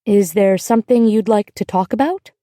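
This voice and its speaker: A woman voicing a gentle, glamorous young neighbor. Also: medium pitch, moderate pace, dry recording, clean studio sound, close to an everyday voice. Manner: gentle and kindly.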